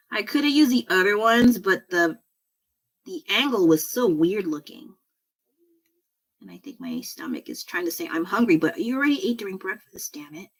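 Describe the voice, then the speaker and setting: A middle-aged woman chatting casually while she draws on a livestream, rambling and self-deprecating, laughing often. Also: fairly low pitch. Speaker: artist streaming a drawing session. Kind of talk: casual chat while drawing.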